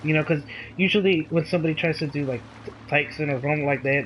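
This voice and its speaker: A man's voice: a little high, fast, fairly bright tone, slight background noise, rough recording. A man reviewing a movie in casual chat, laid-back and often saying "dude" and "like".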